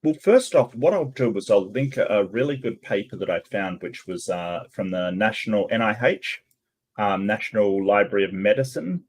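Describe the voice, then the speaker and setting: A man with an English accent hosts a loose group chat, rambling and conversational. His voice sits somewhat low. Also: expressive, moderate pace. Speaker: host.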